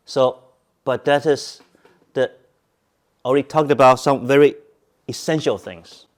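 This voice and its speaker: A man teaching Buddhism at a Zen centre, speaking calmly, repeating points and asking his listeners questions. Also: medium pitch, slow, long pauses. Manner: calm, repetitive, asks listeners questions. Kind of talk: Dharma talk to a group.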